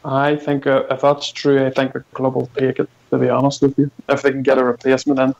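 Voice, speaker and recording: Man, measured football chat, gravelly voice, flat intonation. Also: medium pitch, highs cut off. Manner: measured, says to be honest. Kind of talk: casual phone-in chat.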